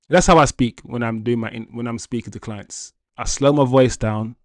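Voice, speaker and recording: A man's voice: mid-range voice, moderate pace, few pauses, no room sound, studio quality. Chatty male football livestream host. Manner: animated and chatty, laughs often, addresses chat as guys. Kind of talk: casual livestream chat reading viewer comments.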